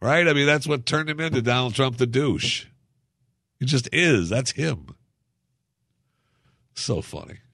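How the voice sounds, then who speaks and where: A man rants through casual commentary with a mocking, sarcastic edge and a middling pitch. The recording is close and dry, with no room sound behind him. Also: expressive, a little slow, long pauses, bright, forceful tone, no echo.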